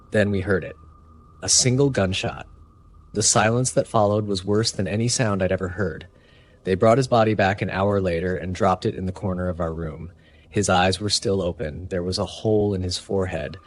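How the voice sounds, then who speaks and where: A man giving grave, measured first-person narration of a horror story. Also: low-pitched.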